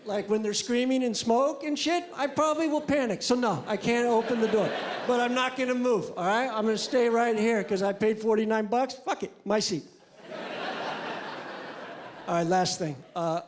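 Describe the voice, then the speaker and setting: A male stand-up comedian doing a crude, deadpan, rambling set on a club stage into a handheld mic. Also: sits high. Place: comedy club stage before a live audience. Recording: live club with loud crowd noise.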